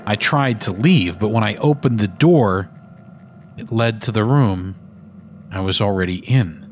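A man narrating a first-person horror story in a measured, brooding manner. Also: on the low side, slight background noise.

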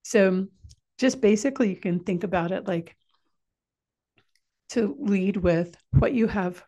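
A woman speaking in a low, gravelly voice with a mellow tone. She gives a calm, explanatory parenting talk in a relaxed coaching manner, as if guiding parents step by step. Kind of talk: informal instructional talk.

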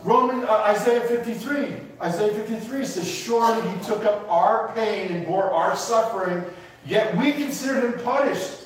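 A man's voice: sits high, normal speed. A man preaching a sermon with emotion, repeating and building his points with emphasis. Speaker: pastor. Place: church sanctuary. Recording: echoey hall from far off.

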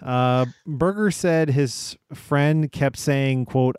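Young male podcast host, mid-pitched, dry recording, reads odd news with halting "uh" pauses. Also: darkish tone, smooth, no room sound. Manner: reads stories with frequent "uh" pauses, breaks into laughs. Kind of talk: comedic news-reading podcast.

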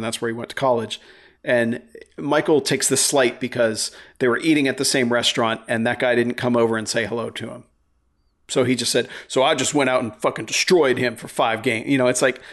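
A man's voice: medium pitch, a bit bright. Guy rambling on a podcast, swears a lot, tons of likes and you knows. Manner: rambling, swears freely, many fillers. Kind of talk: casual chat.

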